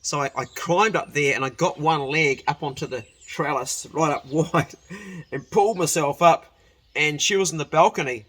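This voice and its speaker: Rambling, bright-voiced male storyteller. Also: on the high side, normal speed. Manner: rambling, self-correcting, laughs while telling. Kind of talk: casual personal storytelling.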